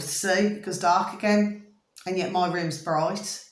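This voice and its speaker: A vlogger talks casually to camera from a room at home, the echoey room coloring the recording. Her mid-range voice is fairly even and a little slow, and she's chatty, constantly checking that the listener follows.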